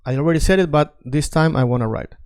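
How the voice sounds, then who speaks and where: A slightly high, somewhat mellow male voice moves at a quick clip through a video Spanish lesson. He repeats drill phrases over and over, invites viewers to say them with him, and keeps checking in with "right?" and "okay?".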